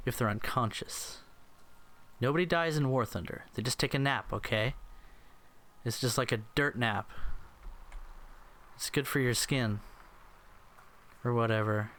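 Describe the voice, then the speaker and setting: A man's voice: medium pitch, a little slow, long pauses, fairly bright tone. A man giving silly, rambling commentary while playing an air combat game, often slipping into mock voices. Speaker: gameplay commentator. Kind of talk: goofy gameplay commentary.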